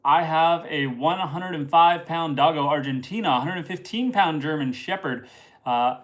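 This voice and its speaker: A man's voice: fairly high pitch, moderate pace. A man from northern Canada hosting a casual homestead live stream and reading viewer comments aloud in an easygoing way. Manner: easygoing, reads out chat messages.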